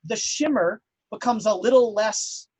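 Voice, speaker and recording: A man's voice: high-pitched, a little slow, darkish tone, breathy edge, no room sound. A man narrating a tabletop horror game as game master, rambling with many fillers.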